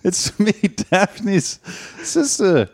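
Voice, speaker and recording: A man's voice: sits high, big pitch swings, drawn-out words, breathy edge, full character voice. A man putting on a ditzy young woman. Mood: giggly.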